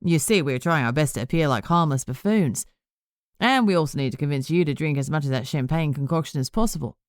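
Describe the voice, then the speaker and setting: A boastful male warlock who talks down to everyone as if it were a casual chat, voiced by a woman reading an audiobook. The voice sits low and dry. He sounds self-satisfied. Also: fast talker, no echo, natural voice. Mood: smug, patronizing. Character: smug boastful Australian male warlock leader.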